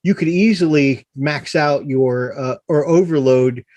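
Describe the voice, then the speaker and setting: A man's voice: fairly high pitch, measured pace, a little mellow, dry recording, dull audio. A man co-hosting a casual gaming live stream, explaining game stats and rules step by step. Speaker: co-host of a tabletop gaming live show.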